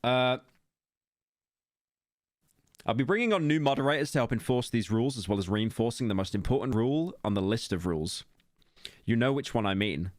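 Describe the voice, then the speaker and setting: A man's voice: mid-range voice, expressive, a little fast, pauses often, no room sound, clean studio sound. A young British man streaming, reading posts aloud and reacting with wry, mocking commentary and laughs.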